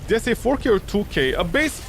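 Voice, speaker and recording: A man's voice: high-pitched, very animated, brisk, gravelly, a bit bright. A young man streaming a game, rambling and ranting in exasperation, swearing often and sounding weary. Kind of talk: casual gameplay commentary.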